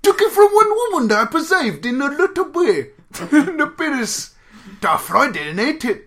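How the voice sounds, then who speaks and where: A man's voice: big pitch swings, exaggerated voice. A man putting on a crude Cockney voice as a gleeful Jack the Ripper, reading a letter aloud and dropping little words. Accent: put-on Cockney. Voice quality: shouted, high, drawn-out, dropped words.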